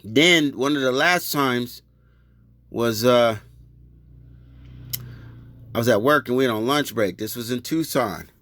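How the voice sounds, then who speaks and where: A man's voice: medium pitch, slow, long pauses, fairly bright tone, no room sound. A man telling a personal story in loose, rambling, profane street talk. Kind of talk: casual storytelling.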